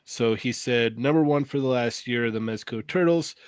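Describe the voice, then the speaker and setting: A man's voice: medium pitch, normal speed, smooth, dry recording. A man co-hosting a livestream in a laid-back way, reading out viewer comments. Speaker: podcast co-host. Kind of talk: casual livestream chat.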